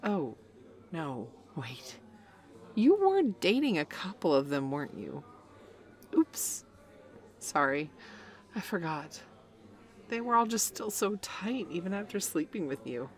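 A woman's voice: lowish voice, big pitch swings, takes it slowly, long pauses. A woman playing a smug, teasing best friend. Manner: smug, taunting, playful. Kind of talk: audio role-play.

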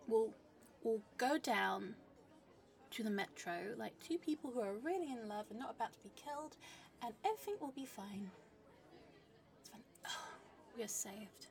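A woman doing a comedic spy role-play monologue, flustered, swinging between loud romantic gushing and hushed whispers. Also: fairly high pitch, far from the mic. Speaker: narrator playing a spy to the listener.

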